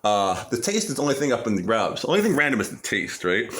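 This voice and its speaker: A man's voice: mid-range voice, sing-song, fast, fairly bright tone. Cheery rambling guy cooking at his stove, voice jumps all over, kinda echoey room. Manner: rambling, cheerful, restarts often. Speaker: home cooking vlogger. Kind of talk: rambling casual cooking vlog. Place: small home kitchen at the stove.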